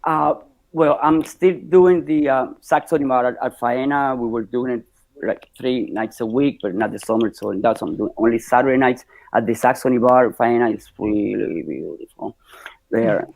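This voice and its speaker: Soft-spoken man. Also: mid-range voice, vocal fry, no echo, low-quality recording. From Cuba. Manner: halting, many fillers, soft-spoken. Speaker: drag performer guest. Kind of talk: casual interview chat.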